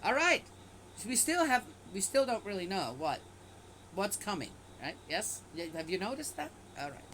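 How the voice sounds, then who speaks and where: A woman at an ordinary middle pitch reads scripture aloud, then breaks off to pick it apart in casual asides. Her tone is skeptical and offhand. A faint noise hangs in the background. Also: big pitch swings, normal speed, fairly bright tone, poor audio. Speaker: bible reader and commentator. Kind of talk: casual scripture reading with commentary.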